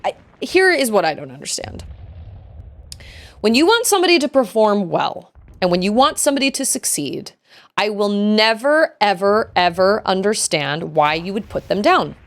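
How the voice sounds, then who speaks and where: A young adult woman streaming a video game, chatting in an animated, indignant way. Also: medium pitch, moderate pace. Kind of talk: live game stream commentary.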